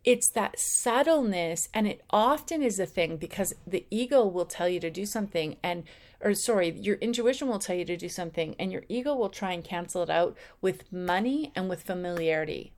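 A woman giving a conversational spiritual teaching talk, acting out the anxious and calm inner voices now and then. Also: on the low side, brisk. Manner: acts out voices of ego and intuition; conversational, with slips and restarts. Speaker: spiritual speaker.

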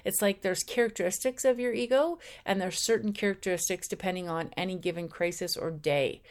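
A woman giving a conversational spiritual teaching talk, acting out the anxious and calm inner voices now and then. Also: medium pitch, fairly quick. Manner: acts out voices of ego and intuition; conversational, with slips and restarts. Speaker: spiritual speaker.

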